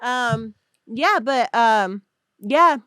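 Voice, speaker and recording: A woman co-hosting a podcast, chatting casually with quick reactive interjections. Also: fairly high pitch, lively intonation, pushed and bright, clear, resonant tone, no room sound, studio quality. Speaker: podcast co-host. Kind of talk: casual chat.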